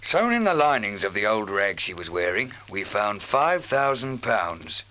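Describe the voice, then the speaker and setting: A matter-of-fact reporting officer. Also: male voice, fairly low pitch, big pitch swings, a little slow, bright, forceful tone, full character voice, rough recording. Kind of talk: 1950s radio drama acting.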